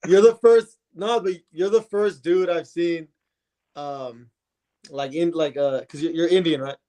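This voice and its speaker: Slightly high-voiced man chatting casually. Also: measured pace. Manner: relaxed, hesitant anecdotes. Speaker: podcast co-host. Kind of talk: casual chat.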